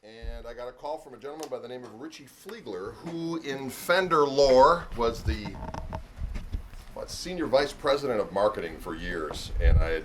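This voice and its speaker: A man's voice: medium pitch, lively intonation, moderate pace, background noise. A middle-aged man, a guitarist, casually telling a story and introducing a pickup demo in a rambling, conversational way. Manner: rambling, conversational, full of "you know".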